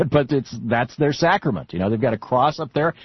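Husky radio host, political talk, dry dull broadcast sound, animated and stammery. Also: male voice, mid-range voice, a little fast, no echo. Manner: animated, restarts often, stammers.

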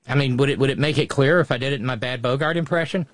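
A man's voice: mid-range voice, no echo. Wry man with a dry close sound. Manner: measured, stammering restarts, wry. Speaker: political talk show co-host. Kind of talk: casual political commentary.

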